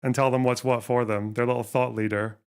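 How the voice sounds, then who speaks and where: A man's voice: medium pitch, little pitch movement, fairly quick, clean tone. Sarcastic, swearing male streamer. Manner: profane, sarcastic, scornful. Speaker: streamer reacting to a video. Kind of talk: live-stream reaction commentary.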